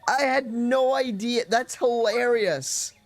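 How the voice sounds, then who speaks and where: A man's voice: very high-pitched, slow pace. A man casually commenting while playing a video game, chatty and easily amused, with faint game music behind. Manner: amused, chatty, frequent laughter and fillers. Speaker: let's play gamer.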